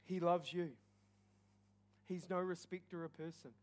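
A high-pitched man preaching. He tells his own conversion story with rising passion, then calls people forward in an altar call. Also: fairly even intonation, a little slow, a little mellow. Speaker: pastor. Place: church service.

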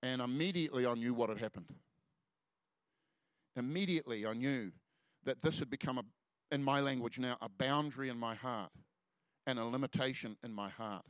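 A man telling a personal story in a sermon, earnest and halting, often trailing off softly before lifting into exhortation. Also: medium pitch, dry recording. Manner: earnest storytelling, halting restarts, soft drops in volume. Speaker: preacher. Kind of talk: sermon testimony.

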